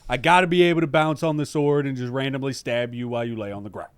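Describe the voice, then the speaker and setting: A man's voice: medium pitch, fairly even intonation, fast, clear, resonant tone, no echo. A man co-hosting a podcast, talking in an enthusiastic, emphatic and slangy way. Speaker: podcast co-host. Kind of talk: casual chat.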